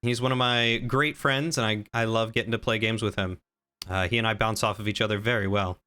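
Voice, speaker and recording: Bright, clear-voiced male streamer. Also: fairly low pitch, fairly even intonation, a little fast. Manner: playful, rambling, answers chat with teasing. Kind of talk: casual live-stream chat.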